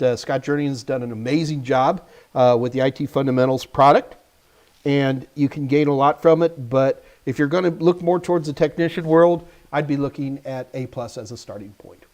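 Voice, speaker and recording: A man with a medium-pitched, darkish voice runs a live stream, casually answering viewers' tech questions with jokes and talking right to the chat.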